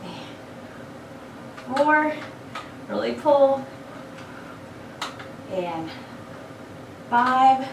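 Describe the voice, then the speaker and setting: A woman's voice: high voice, animated, extremely slow, creaky, pauses often, background noise. Chatty fitness instructor woman counting reps. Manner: encouraging, chatty asides between counted reps. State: frog in her throat. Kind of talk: workout instruction with rep counting. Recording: echoey room, mic far off.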